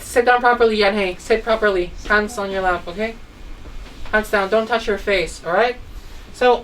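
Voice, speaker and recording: A woman's voice: fairly high pitch, far from the mic, slight background noise, low-quality recording. A woman teaching a child English phonics, telling a story and asking patient questions. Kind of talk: online phonics lesson for a child.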